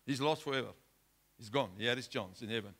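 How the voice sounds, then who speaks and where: A male pastor preaching a sermon, driving his points home with rhetorical questions and swinging between loud outbursts and hushed lines. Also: medium pitch, fast.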